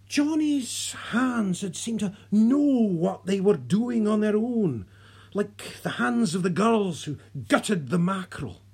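Breathy audiobook narrator, slow, lively pitch, soft and sometimes whispered. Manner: soft, unhurried reading that drops to a whisper.

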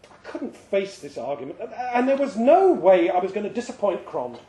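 A man giving a lively, expressive live reading of a short story at a pub event. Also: high voice, moderate pace. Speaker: reader. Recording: roomy live venue sound.

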